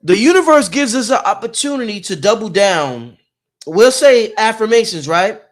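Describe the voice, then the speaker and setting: A man's voice: high-pitched, expressive, normal speed. A man giving an emphatic, repetitive, profane spiritual pep talk as a podcast host.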